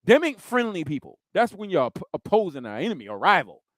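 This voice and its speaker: A man preaching with a high, lively voice that jumps all over its range. He acts out the scenes he describes with vivid sounds. The sound is dry and close. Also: fairly quick, dry recording. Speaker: pastor. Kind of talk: preaching a sermon.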